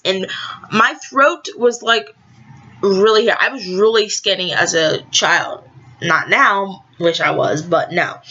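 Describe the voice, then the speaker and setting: A teenage girl vlogs a story straight to camera, rambling along, correcting herself and chatting to her viewers. Her voice is bright and forward. The sound is dull and lo-fi, like a home video. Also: mid-range voice. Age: teens. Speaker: vlogger.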